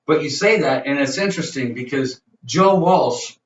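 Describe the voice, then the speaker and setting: A man's voice: mid-range voice, lively intonation, normal speed. A middle-aged man from the Upper Peninsula of Michigan, a band member chatting casually with a friend, swearing and laughing often. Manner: profane, laughing, joking banter. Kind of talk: casual chat. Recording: echoey, distant, dull with faint noise.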